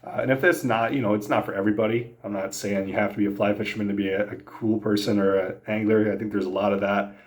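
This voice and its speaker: Male podcast host, younger, lowish voice, loose rambling storyteller who laughs a lot. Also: little pitch movement, fast, few pauses. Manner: rambling, laughs often, many fillers. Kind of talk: casual storytelling.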